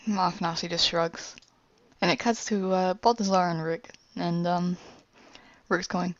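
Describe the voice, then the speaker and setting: A woman casually retelling her own animated story, rambling with fillers and self-corrections. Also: fairly low pitch, a little slow, no room sound, dull audio.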